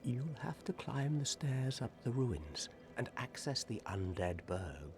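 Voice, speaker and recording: An actor playing a gloomy, sardonic undead warrior in a video game, with a depressing monotone delivery that is cynical and world-weary. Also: male voice, mid-range voice, measured pace. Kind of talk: video game character dialogue. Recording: game audio with steady background noise.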